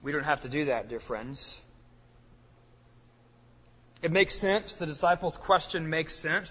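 Male pastor, higher register, earnest sermon delivery, muffled church-hall recording with long echo. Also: bright, forceful tone. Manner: earnest preaching, swells and drops in volume. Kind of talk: expository sermon.

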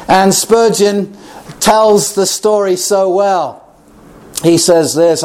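A male preacher recounts a story from the pulpit, measured and earnest. His voice sits high for a man. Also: fairly even intonation, darkish tone. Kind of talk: sermon storytelling.

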